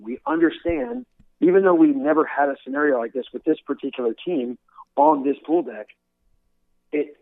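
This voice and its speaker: A man's voice: on the high side, dry recording. Earnest man telling stories over a tinny line. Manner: earnest, repeats words when restarting. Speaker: guest, former military instructor. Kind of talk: conversational storytelling interview.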